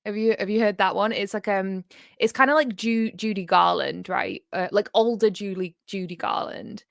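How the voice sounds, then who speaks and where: A woman's voice: mid-range voice, normal speed, gravelly, dry recording, clean studio sound. A woman co-hosting a livestream in a casual, giggly chat full of fillers. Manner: giggly, chatty, many fillers. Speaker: co-host of a livestream.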